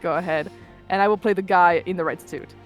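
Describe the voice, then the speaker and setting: A woman's voice: lowish voice, steady tone, fairly quick, soft background music. Chatty woman organizing a game session. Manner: chatty, teasing, hesitant with fillers. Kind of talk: casual game-night chat.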